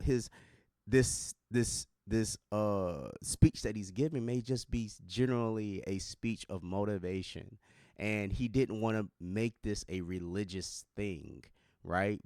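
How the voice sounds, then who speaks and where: Low-voiced man, casual slangy commentary. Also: a little mellow, no echo, studio quality. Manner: conversational, talks with slang and filler words. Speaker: reaction video commentator.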